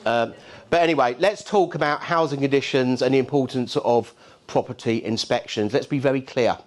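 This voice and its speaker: Punchy middle-aged Cockney keynote speaker. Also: male voice, medium pitch, a little mellow. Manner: punchy, rhetorical, keeps checking in with the crowd. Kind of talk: lively conference speech. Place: conference hall.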